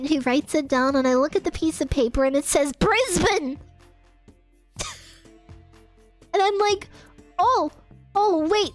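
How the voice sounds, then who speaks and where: Young Australian woman streamer with a very high voice, emotional laughing storyteller, soft music bed. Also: animated, moderate pace. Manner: laughs often, swears, emotional and breathless retelling. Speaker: VTuber streamer. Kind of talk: casual storytelling rant to chat.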